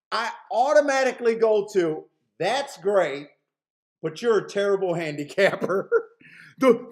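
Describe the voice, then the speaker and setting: A man with a notably high voice hosts a live horse racing stream, chatting loosely with his viewers. He rambles, swears freely and breaks into laughter often. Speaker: horse racing handicapping show host. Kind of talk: casual live-stream chat.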